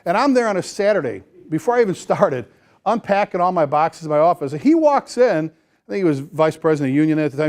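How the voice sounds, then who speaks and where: A man speaking as a fire chief at a seminar, energetic and folksy, repeating phrases for emphasis. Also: fairly high pitch, fast talker. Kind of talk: motivational seminar talk to firefighters. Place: seminar room before a live audience.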